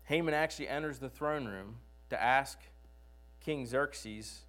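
A man's voice: medium pitch, unhurried, a bit bright. A man preaching a sermon who retells the story conversationally and often asks rhetorical questions.

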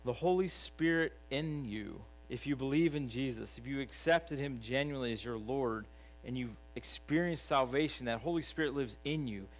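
A man's voice: mid-range voice, normal speed, poor audio. Earnest man preaching, conversational. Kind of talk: sermon.

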